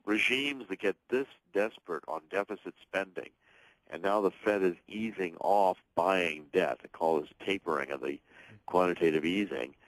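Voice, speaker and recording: A man's voice: low voice, moderate pace, no room sound, poor audio. A man speaking as a guest author and political commentator on a radio talk show, talking emphatically in long runs with frequent restarts.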